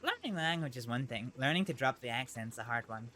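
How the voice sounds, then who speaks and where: A woman voicing a young Faroese woman on the frontier, with a Faroese accent, talking softly and hesitantly with giggles. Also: a bass voice, lively intonation, fast talker. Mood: chatty. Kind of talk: western role-play.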